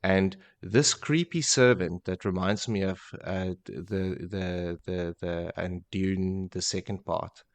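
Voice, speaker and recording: A man co-hosting a book podcast, speaking haltingly and searching for words. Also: sits low, no echo. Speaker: podcast co-host. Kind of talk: casual book-club chat.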